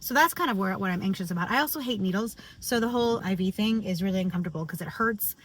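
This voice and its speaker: A woman's voice: medium pitch, fast, slight background noise. A woman and singer recording a candid personal video diary, speaking openly and emotionally. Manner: open, confessional, emotional. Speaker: vlogger and singer.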